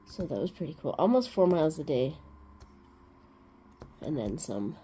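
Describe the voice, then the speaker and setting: Woman host, casual rambling storyteller, lowish warm tone. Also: very animated, moderate pace, slight background noise. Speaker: crafting vlog host. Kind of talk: casual chat.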